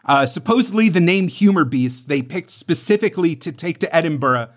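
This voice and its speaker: A man's voice: fairly high pitch, animated, a little fast. A man co-hosting a podcast, chatting casually and rambling with lots of fillers and restarts. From United States. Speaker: podcast co-host.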